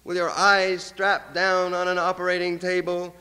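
Poet, male, high voice, slow incantatory chant, smooth clear tone. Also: completely flat delivery, pushed and bright. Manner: incantatory, chanting long repeated lines. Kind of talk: poetry reading. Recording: long hall reverb.

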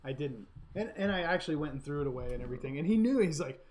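A man's voice: a little high, expressive, racing, a little mellow, slight background noise. A man hosting a casual live stream, telling a story and laughing as he acts out quotes.

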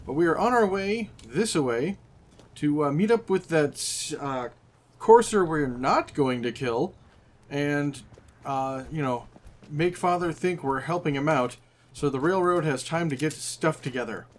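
A man's voice: on the high side, expressive, a little slow. A man hosting a casual let's-play, chatty and amused, greeting things on screen as he plays. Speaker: gaming channel host.

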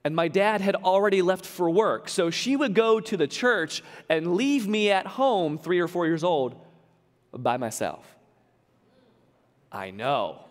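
A man with a fairly high voice gives a casual, joking sermon as a pastor. His words ring out with a long reverb, as if he is recorded in a large church hall. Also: expressive, measured pace. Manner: conversational preaching with humorous asides.

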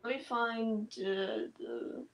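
A woman host in casual chat, excitable and quick to exclaim. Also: a little high, dull audio.

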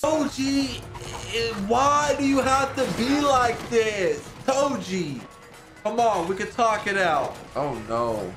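Excitable man reacting to anime. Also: very high voice, takes it slowly. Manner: loud, exclaims and swears often, talks to the screen. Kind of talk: excited casual reaction commentary. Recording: music playing loud behind.

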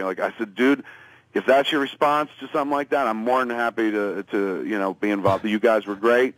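A man's voice: on the low side, steady tone, brisk, a bit bright, dry recording, poor audio. Profane, rambling male storyteller. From US East Coast. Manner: rambling, profane, acts out quotes. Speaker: phone-in guest. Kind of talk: casual comic storytelling.

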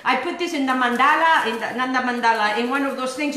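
A woman's voice: high voice, fast, sharp tone, echoey room, poor audio. A woman hosting a home cooking show, talking in a chatty, rambling, enthusiastic way as she demonstrates a recipe. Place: home kitchen.

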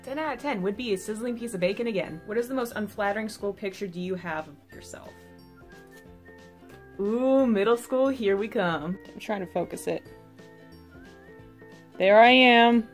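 A woman's voice: mid-range voice, fast, hardly any pauses, darkish tone, faint music behind. A young woman YouTuber chatting casually to camera, bubbly and self-mocking.

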